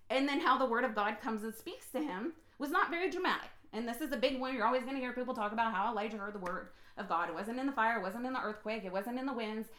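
A woman preaching an impassioned personal sermon on her podcast, swinging from quiet talk to loud, excited bursts. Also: a little high, roomy sound. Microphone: phone recording.

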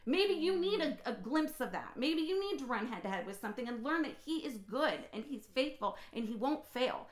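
Woman preacher, higher voice, emphatic and swinging between hushed and fired up, echoey phone recording. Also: fairly quick, hardly any pauses. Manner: emphatic, swings from quiet to loud and excited. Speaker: podcast host and preacher. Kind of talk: impassioned personal sermon.

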